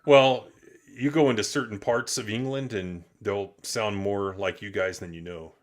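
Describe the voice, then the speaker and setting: A man's voice: on the low side, steady tone, moderate pace. A man hosting a loose, opinionated live-stream chat, swearing casually. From United States. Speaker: podcast host.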